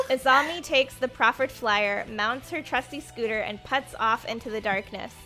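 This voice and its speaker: A woman's voice: fairly high pitch, moderate pace, bright, forceful tone, faint music behind. A woman playing a visual novel and reading its narration and lines aloud with a light, joking touch. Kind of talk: playful game reading.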